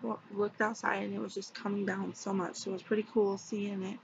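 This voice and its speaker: A woman vlogging casually to her viewers, hoarse from losing her voice, rambling and relaxed. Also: medium pitch, fairly quick. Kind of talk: casual vlog chat to viewers. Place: home at dim light. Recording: dull lo-fi with clear background hum.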